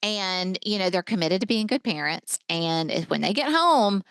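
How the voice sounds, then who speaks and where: A woman's voice: medium pitch, lively intonation, normal speed, fairly bright tone, clean tone, no room sound. A woman co-hosting a movie podcast, chatting casually and recapping scenes with many fillers. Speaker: podcast co-host.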